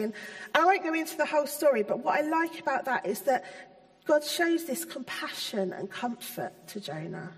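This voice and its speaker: A woman with a fairly high voice gives a relaxed, conversational sermon, pausing often with ums. Her words ring out with a long reverb, as if she is speaking in a large hall. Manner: chatty, hesitant, many ums. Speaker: church speaker. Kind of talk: informal sermon.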